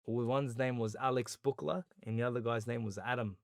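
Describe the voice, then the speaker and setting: Animated Australian man telling stories. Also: medium pitch, brisk, no echo, clean studio sound. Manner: animated storyteller who acts out quoted dialogue. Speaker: podcast guest. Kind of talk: storytelling interview.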